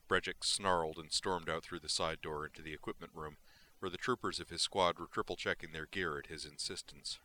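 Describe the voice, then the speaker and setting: Male narrator for sci-fi audiobook, deep with a crisp bright edge, steady. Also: brisk. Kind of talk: audiobook reading of sci-fi fiction.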